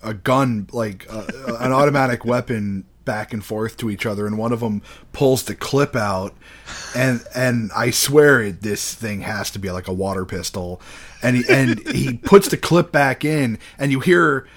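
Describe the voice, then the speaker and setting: A man hosts a relaxed movie podcast and chats about a film. He laughs often and stumbles through restarts as he talks. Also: mid-range voice, measured pace. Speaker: podcast host. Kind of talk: casual chat about a movie.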